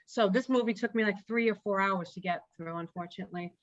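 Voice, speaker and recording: A woman chatting casually about a movie, blunt and quick to swear. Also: medium pitch, dry recording, dull audio. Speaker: movie club panelist. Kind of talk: casual chat.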